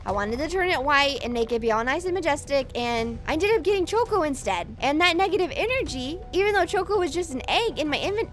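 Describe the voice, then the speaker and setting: A woman commenting on her game play in an excitable way, gasping and talking to her pets. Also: high voice, quick pace, few pauses, faint music behind. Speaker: gaming YouTuber.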